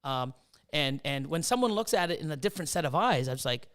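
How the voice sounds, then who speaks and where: A man's voice: fairly high pitch, lively intonation, a little fast, a bit bright. A middle-aged man hosting a casual chat, swearing freely and acting out his own past reactions. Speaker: host.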